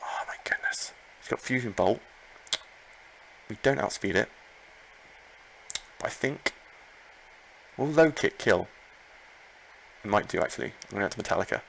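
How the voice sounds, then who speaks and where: Excitable gravelly-voiced man commenting a game. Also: lowish voice, moderate pace, pauses often, a little hiss or hum, low-quality recording. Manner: excitable, talks to himself and the opponent, repeats phrases. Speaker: Pokémon player commenting his own battle. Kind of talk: live gameplay commentary.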